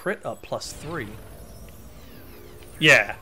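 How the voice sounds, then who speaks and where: A man streaming a video game, chatting in a rambling, excitable way as he plays. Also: mid-range voice, very slow. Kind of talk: let's play commentary. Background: faint game music.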